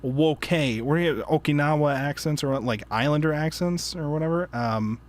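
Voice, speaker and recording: A man's voice: on the high side, moderate pace. A man hosting a casual book club chat, rambling with lots of fillers, laughing and breaking off mid-sentence. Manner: rambling, laughing, frequent fillers and self-interruptions. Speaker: podcast host.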